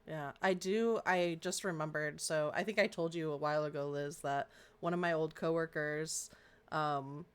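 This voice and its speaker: A woman's voice: deep voice, fairly even intonation, clean tone. An American woman co-hosting a podcast, chatting casually with a playful, joking manner. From United States. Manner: chatty, playful, quick to joke. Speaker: podcast co-host. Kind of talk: casual chat.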